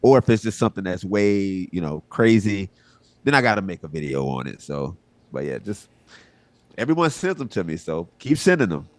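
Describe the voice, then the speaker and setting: A man's voice: low-pitched, normal speed, dry recording. A man from Southwest Florida, a comedian guest on a talk show, chatting casually and acting out little quoted exchanges. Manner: relaxed, rambling, acts out quotes. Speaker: guest, social media comedian. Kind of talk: casual interview chat.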